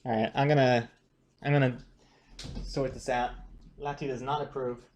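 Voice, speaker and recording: A man, a comic artist, chatting casually on a live stream, reading viewer questions aloud in a halting, rambling way from his home studio desk. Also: mid-range voice, little pitch movement, a little mellow, a little hiss or hum. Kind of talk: casual livestream chat.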